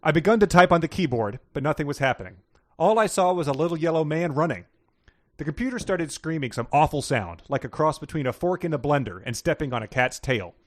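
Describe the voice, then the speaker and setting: A man's voice: on the high side, no echo, studio quality. A man co-hosting a comedy podcast, reading book passages aloud in a folksy Southern-style drawl and chuckling at them. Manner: reads in a folksy drawl, laughing at the text. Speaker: podcast co-host.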